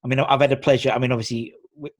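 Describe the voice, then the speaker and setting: A man hosting a casual chat, talking quickly and loosely with many restarts. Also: mid-range voice, flat delivery, dry recording. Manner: chatty, quick, full of fillers and restarts. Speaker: host.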